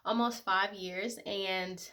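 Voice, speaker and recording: A woman's voice: mid-range voice, steady tone, takes it slowly, sharp tone. A woman in her twenties talking casually and heartfelt to her viewers, emotional and full of fillers. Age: 20s. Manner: emotional, tearful at times, many fillers. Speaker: vlogger. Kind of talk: casual personal talk to camera.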